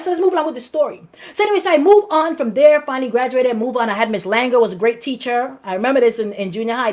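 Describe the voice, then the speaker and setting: A Guyanese woman pastor telling her life story in an animated way, with lots of repetition and restarts. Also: a little high. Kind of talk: personal testimony to a congregation.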